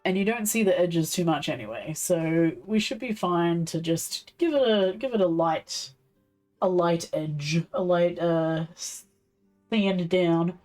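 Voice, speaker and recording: A woman's voice: on the low side, unhurried, darkish tone, recorded from a distance. A young woman chatting casually and giggling as she works on a live stream, a little off the mic with faint music behind. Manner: chatty, giggly, talks while working. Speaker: streamer doing leathercraft.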